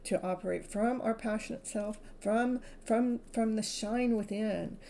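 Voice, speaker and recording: A woman's voice: fairly high pitch, a little slow, gravelly, mellow, a little hiss or hum, low-quality recording. A woman from California giving a live-stream tarot reading, speaking in soothing spiritual affirmations and laughing often. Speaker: tarot reader.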